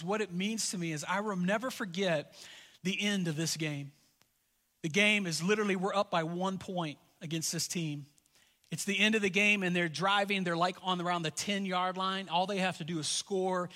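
A middle-aged man preaching a sermon as a pastor, earnest and animated, often stumbling and repeating words as he tells personal stories. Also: high-pitched. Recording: long reverb of a large hall.

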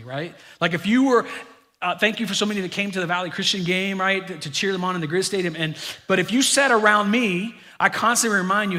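High, bright-voiced preacher in a big hall. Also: male voice, fairly quick. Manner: animated, joking asides to the congregation. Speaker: pastor. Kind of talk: sermon. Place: church sanctuary. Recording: long reverb of a large hall.

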